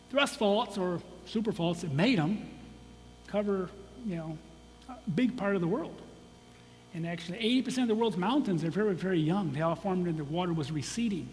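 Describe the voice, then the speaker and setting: A man from Michigan, his voice sitting high with a darkish tone, presents to an audience as a guest geologist in a casual, chatty way. He frequently restarts and drifts into asides, and faint hum and long hall reverb color the recording.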